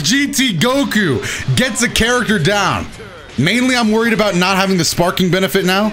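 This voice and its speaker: Young man, fighting game commentary, excitable, laughs at own mistakes, lively swooping voice. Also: high-pitched, moderate pace, soft background music. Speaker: gaming commentator. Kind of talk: live gameplay commentary.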